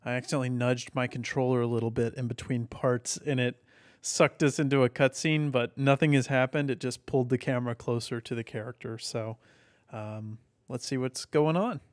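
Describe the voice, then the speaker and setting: A man commentating casually on a game playthrough, getting excited and yelping at game events. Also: mid-range voice, moderate pace, dry recording, studio quality. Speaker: gaming YouTuber. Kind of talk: let's play commentary.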